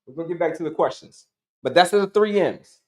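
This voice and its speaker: A man's voice: a little high, animated, brisk, echoey room. A middle-aged man giving an emphatic, repetitive health coaching talk, asking and answering his own questions to the audience.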